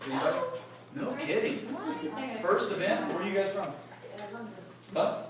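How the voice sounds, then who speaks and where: A man's voice: high voice, very animated, brisk. Chatty man addressing a crowd in an echoey hall. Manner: chatty, joking, quizzes the crowd. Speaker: sales executive speaking at a company event. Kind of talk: casual motivational talk to a live audience. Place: large echoey event room with an audience. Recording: echoey room, far mic, background noise.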